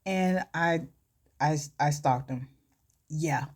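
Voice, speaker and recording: A woman's voice: on the low side, unhurried, a little mellow. A woman beauty vlogger telling a story in a casual, chatty way, with lots of quoting.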